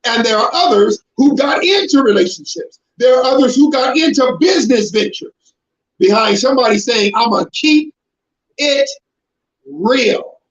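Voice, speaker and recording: High-pitched male preacher who pushes hard and shouts for emphasis, recorded roomy and lo-fi. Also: animated, moderate pace. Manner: emphatic, confrontational, with sudden shouted bursts. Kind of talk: preaching to a congregation. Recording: roomy, dull lo-fi sound.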